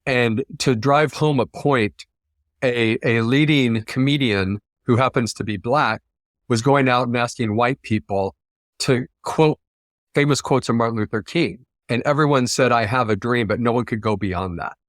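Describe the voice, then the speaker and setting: An earnest man from the United States, a guest talking about his work in a sincere, heartfelt way. His pitch sits in the middle range, and the recording is dry and close. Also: moderate pace, dry recording. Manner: earnest, heartfelt, quote-driven. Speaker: interview guest, ethics practitioner. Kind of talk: reflective interview talk.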